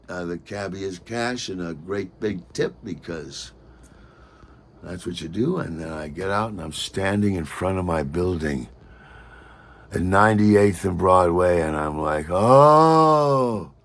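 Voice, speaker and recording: A man telling a personal story in a lively monologue, acting out other people's lines with sudden shouts and pitch jumps. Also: measured pace. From Michigan.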